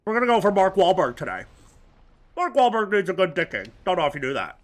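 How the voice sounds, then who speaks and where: A man's voice: high voice, big pitch swings, fast. A man giving rambling let's-play commentary full of absurd, off-color jokes. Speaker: gaming video host.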